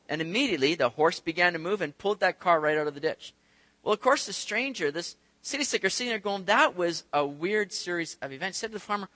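A man's voice: high-pitched, expressive, fairly quick, bright, forceful tone, dry recording. A man preaching a conversational sermon, acting out the voices of the people in his stories. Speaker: pastor. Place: church sanctuary.

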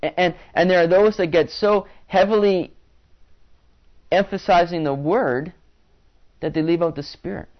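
A man's voice: high-pitched, unhurried, long pauses. A man preaching a sermon to his congregation in a conversational way, often restarting phrases and adding fillers. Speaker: pastor. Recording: dull lo-fi sound.

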